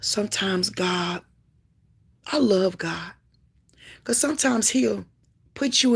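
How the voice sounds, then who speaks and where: A woman sharing a Christian testimony in a preaching style, fervent and emphatic, swinging between loud exclamations and low asides. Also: expressive, slow pace, gravelly, pauses often, husky. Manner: emphatic repetition.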